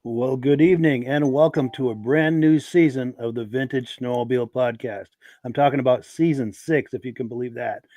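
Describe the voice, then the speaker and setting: A man hosting a live podcast with a gravelly voice and a lingering cough. He talks straight to his viewers in a friendly way. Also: mid-range voice, moderate pace, warm tone, dry recording. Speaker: podcast host.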